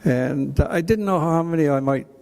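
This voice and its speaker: An older Canadian man with a Canadian accent, giving an emotional, halting acceptance speech at a hall of fame ceremony, full of restarts. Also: a little high, creaky, a little mellow. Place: banquet hall.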